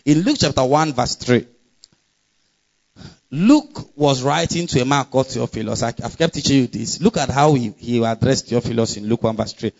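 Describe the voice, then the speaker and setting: A man preaching with emphatic, conversational energy, laughing often and breaking into scripture readings. His voice sits at an ordinary middle pitch. The recording is slightly dull and muffled. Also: normal speed. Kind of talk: sermon.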